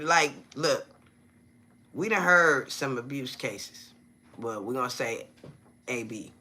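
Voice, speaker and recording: Guy going live on his phone, bright forceful voice, slangy and chatty, always checking "you feel me?" and saying hi to folks in the chat. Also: mid-range voice. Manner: chatty, keeps asking viewers "you feel me?"; greets viewers by name mid-talk. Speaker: live-stream commentator. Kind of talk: casual live-stream talk.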